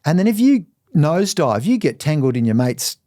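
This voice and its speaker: A middle-aged Australian man, a podcast guest, telling candid personal stories in an animated way. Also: a little high, brisk, no echo, studio quality. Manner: animated, acts out quoted voices. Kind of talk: candid storytelling.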